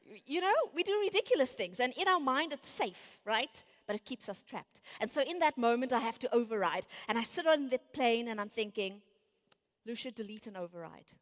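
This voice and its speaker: A woman's voice: fairly high pitch, animated, fairly quick, hardly any pauses. A woman in her late thirties giving a motivational conference talk, acting out her inner voices as she tells stories. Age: 30s. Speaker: conference speaker. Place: large conference hall. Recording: reverberant large hall.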